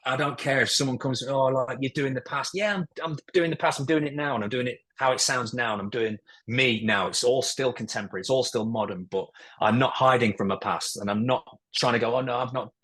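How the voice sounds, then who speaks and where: A man's voice: medium pitch, fairly quick, few pauses, fairly bright tone, husky. A man in his forties, a guest telling stories in casual chat, candid and swearing freely. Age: 40s. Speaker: podcast guest, musician and ex-footballer.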